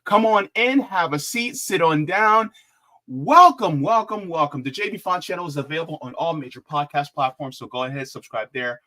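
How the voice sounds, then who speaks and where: A man hosting a live-stream politics show, chatting casually, animated and jokey as he reads out the chat. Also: on the high side, normal speed.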